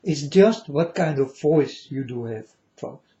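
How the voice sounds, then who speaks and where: A vlogger delivers a rambling, preachy spiritual monologue to his viewers in non-standard English, repeating himself and addressing them as folks. His voice is a little high and animated, with a slow pace and dark tone. The audio sounds dull.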